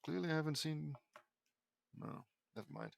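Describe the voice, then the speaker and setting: With a gravelly voice pitched on the high side, this male reader works through a piece of fan fiction at normal speed, ridiculing it through dry, sarcastic remarks. Slight background noise can be heard.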